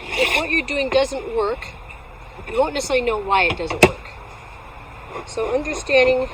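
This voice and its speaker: A woman beekeeper chats on camera at her bee yard, her voice sitting a little high. She teases herself as she explains her work. Outdoor noise and passing vehicles are clearly heard behind her. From Alaska. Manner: chatty, playful and self-teasing. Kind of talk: casual outdoor how-to vlog.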